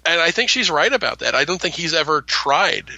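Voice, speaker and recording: A man's voice: a little high, sing-song, fairly quick, gravelly, pushed and bright, dry recording, dull audio. A man co-hosting a podcast, chatting about a TV episode with enthusiasm. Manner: enthusiastic, gushing. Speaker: podcast co-host. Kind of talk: casual TV rewatch discussion.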